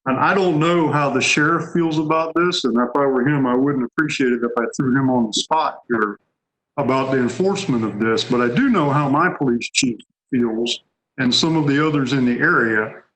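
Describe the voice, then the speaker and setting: A man's voice: medium pitch, normal speed, a bit bright, rough recording. A man speaking at a public policy meeting, conversational and hedging, acting out what others might say. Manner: conversational, hedging, acts out quotes.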